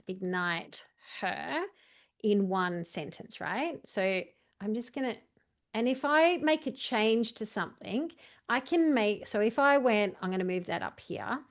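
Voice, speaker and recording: A woman coaching a video editing tutorial, chatty and walking through each step while correcting herself as she goes. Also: medium pitch. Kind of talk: screen-share editing tutorial.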